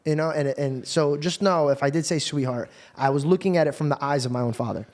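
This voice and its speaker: Male host, casual and swearing, animated storyteller, slightly raised voice. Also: a little high, quick pace. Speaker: podcast host.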